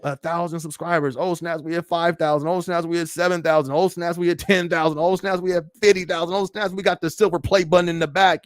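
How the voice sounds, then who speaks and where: A man's voice: fairly high pitch, no echo, clean studio sound. Upbeat man hosting a livestream chat. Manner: animated, laughing often, slangy and encouraging. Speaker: livestream podcast host. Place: home studio office.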